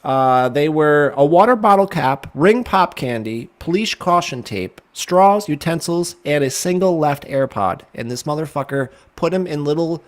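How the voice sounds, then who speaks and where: A man's voice: a little high, animated, normal speed, hardly any pauses. A middle-aged man co-hosting a casual show over a video call, blunt and sarcastic, swearing freely. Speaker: co-host. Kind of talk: casual banter.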